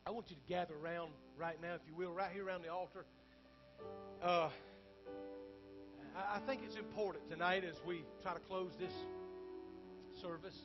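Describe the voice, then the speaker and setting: A middle-aged pastor preaches with a strikingly high voice, his delivery jumping from loud bursts to hushed asides. The recording sounds dull and lo-fi, with faint instrument music underneath. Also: steady tone, moderate pace, pauses often. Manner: fervent preaching, swinging between loud bursts and quiet asides, rhetorical "Huh?". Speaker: senior pastor and bishop. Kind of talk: sermon. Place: church sanctuary.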